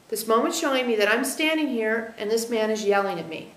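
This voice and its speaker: Woman channeler, high voice, measured teaching tone, roomy echoey recording. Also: expressive, a bit bright. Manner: measured, explanatory, speaks as "we", checks in with listeners. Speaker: channeler giving a spiritual teaching. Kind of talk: channeled spiritual teaching to a group. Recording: roomy echo.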